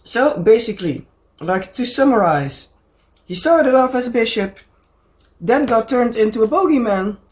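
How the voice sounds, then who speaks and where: A woman with a Dutch accent, hoarse from a cold, hosting a casual rambling craft chat and pausing now and then to find the right words. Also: on the high side, expressive, darkish tone. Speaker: crafting channel host.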